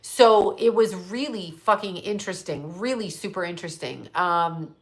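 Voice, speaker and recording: A woman's voice: lowish voice, normal speed. A middle-aged woman from Canada hosting a psychic livestream, ranting bluntly with heavy swearing and answering viewer comments. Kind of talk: livestream monologue.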